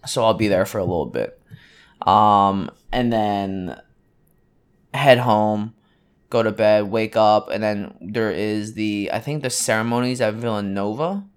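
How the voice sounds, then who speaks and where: A man's voice: fairly low pitch, measured pace, clean tone. A man in his thirties, co-hosting a podcast in casual chat, rambling with many ums and restarts. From United States. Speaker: podcast co-host.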